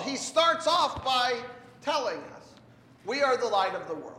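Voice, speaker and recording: Male pastor, children's sermon, high voice, slow unhurried delivery, echoey hall with long reverb. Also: very animated. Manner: gentle, asks a child questions. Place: church sanctuary.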